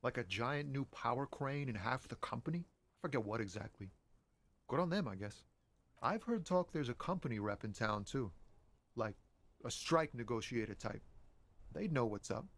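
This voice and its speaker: A man's voice: medium pitch, expressive, moderate pace. A man voicing a laid-back lorry driver in a video game, talking in a casual, chatty, gossipy way. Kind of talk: voiced game dialogue.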